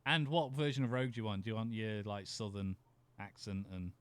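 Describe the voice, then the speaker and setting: A man's voice: lowish voice, fairly even intonation, a little fast, clear, resonant tone, no room sound. A man co-hosting a podcast, chatting casually, rambling, swearing and laughing often. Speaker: podcast co-host. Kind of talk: casual chat.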